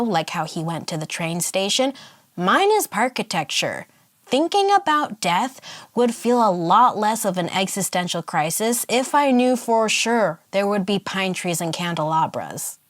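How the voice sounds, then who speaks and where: A woman chatting casually about a sketch, playful and excitable, with quick asides. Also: mid-range voice. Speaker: art vlogger. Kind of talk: casual chat while sketching.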